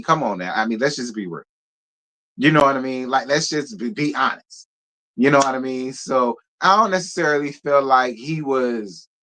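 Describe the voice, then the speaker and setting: With a bright, forceful, medium-pitched voice, a reality TV recap host reviews a show live. His commentary is blunt, sassy and profane, and he talks directly to viewers and thanks donors.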